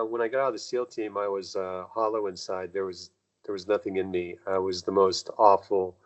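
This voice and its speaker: Low-voiced man telling rambling stories. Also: muffled recording. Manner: rambling, acts out quoted dialogue with jumps in pitch. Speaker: guest. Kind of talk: casual conversational storytelling.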